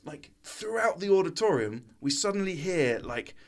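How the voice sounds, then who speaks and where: A man's voice: sits high, big pitch swings, normal speed. A man in his thirties, a podcast guest, telling a story casually and animatedly, laughing often.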